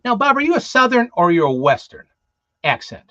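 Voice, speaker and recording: A man's voice: a little high, wildly swooping pitch, a little fast, pushed and bright, no echo. A man co-hosting a casual live show, rambling through upcoming guests with lots of fillers and restarts. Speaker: co-host. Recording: dull lo-fi, dry.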